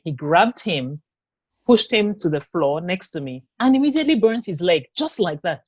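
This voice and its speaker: Low-voiced woman recounting, halting and hesitant. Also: big pitch swings, husky, no echo. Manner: halting, hesitant, many fillers and restarts. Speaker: interview guest. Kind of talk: personal testimony in an interview.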